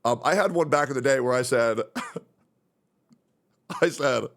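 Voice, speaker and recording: A man's voice: mid-range voice, a little slow, fairly bright tone. A young man chatting casually on a livestream, rambling, swearing a lot and reacting to chat messages as he reads them. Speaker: streamer.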